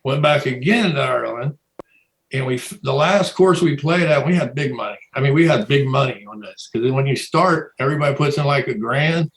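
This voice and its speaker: A man's voice: mid-range voice, fairly quick, roomy sound, rough recording. A man telling a long rambling story in casual chat, laughing often and restarting his sentences. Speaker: guest telling stories.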